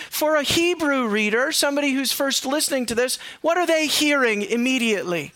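A man preaching a sermon in a church, emphatic and questioning his listeners, sometimes dropping to a quiet, low tone. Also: moderate pace, hardly any pauses, no echo. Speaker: pastor. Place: church sanctuary.

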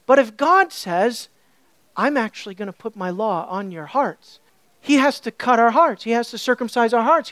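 A woman teaching a sermon, animated and full of rhetorical questions to her listeners. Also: high voice, dry recording. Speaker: Bible teacher.

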